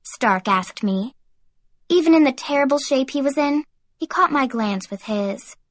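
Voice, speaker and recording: Woman narrating a lively teen audiobook. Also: high voice, measured pace, dry recording. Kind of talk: first-person audiobook narration.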